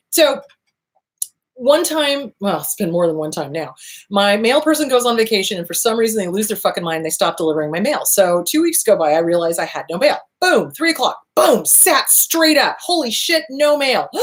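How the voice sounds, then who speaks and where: Lively, swearing woman therapist. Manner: swears freely, acts out quotes with big pitch jumps. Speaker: therapist and podcast host. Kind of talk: casual advice monologue.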